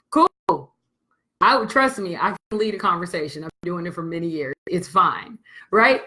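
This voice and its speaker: A woman business coach telling a candid motivational story to her audience, blunt and animated, and swearing freely. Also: medium pitch, normal speed, low-quality recording.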